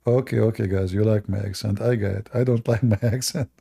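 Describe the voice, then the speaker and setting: A man's voice: fairly low pitch, steady tone, brisk, gravelly, mellow, husky. A man with a non-native English accent hosting a livestream and giving sarcastic, mocking commentary. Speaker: livestream debate host.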